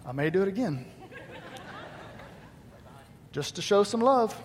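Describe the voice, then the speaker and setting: A middle-aged preacher with a high, light voice delivers a folksy sermon full of jokes and asides to the congregation. His words ring out with a long reverb from a large church hall. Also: sing-song, measured pace, some chatter behind, a little hiss or hum. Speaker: pastor.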